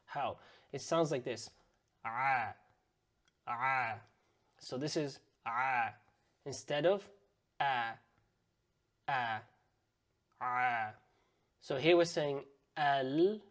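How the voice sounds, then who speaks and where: A man teaching word-by-word pronunciation, patiently sounding out words slowly and repeating them for learners. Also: mid-range voice, a little mellow. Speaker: Arabic and Quran teacher. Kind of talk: pronunciation lesson.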